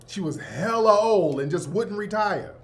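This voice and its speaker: A man's voice: high voice, expressive, unhurried. A man in his fifties hosting a show, telling school stories in a casual, slangy way and often laughing. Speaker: host. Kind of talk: casual storytelling.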